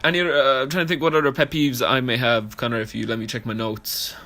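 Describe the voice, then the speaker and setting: A young man, co-hosting a casual podcast, joking and swearing in animated banter. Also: mid-range voice, quick pace. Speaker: podcast co-host.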